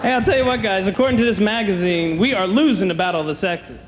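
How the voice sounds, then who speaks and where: A man doing a stand-up comedy set on a comedy club stage, wry and conversational, slipping into quick voices for his bits. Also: high-pitched. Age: older than 30. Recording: long hall reverb, clear room noise, 1990 TV taping.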